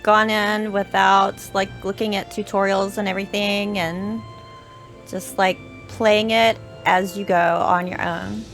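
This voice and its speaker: A woman's voice: medium pitch, level tone, unhurried, fairly bright tone, faint music behind. A woman from Texas hosting a casual gaming session, introducing guests and keeping the chat moving. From Texas, USA. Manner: friendly, leads the talk, uses fillers like "like". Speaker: host.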